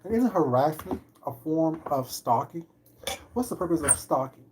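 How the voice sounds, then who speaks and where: A woman's voice: deep voice, lively intonation, moderate pace, background noise. A woman on a livestream, commenting on online drama with sarcastic rhetorical questions. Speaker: streamer.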